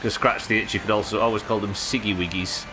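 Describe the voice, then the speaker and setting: A man's voice: lowish voice, fairly even intonation, fast, over music. A man chatting casually and joking while he plays a game on a live stream. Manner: chatty, joking, swears freely. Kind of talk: casual gameplay commentary.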